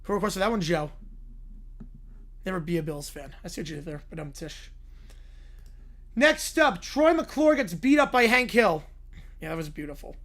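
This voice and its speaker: A hoarse man streaming, giving quick offhand replies to chat in a casual Q&A. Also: sits high, expressive, fairly bright tone. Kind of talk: casual livestream Q&A.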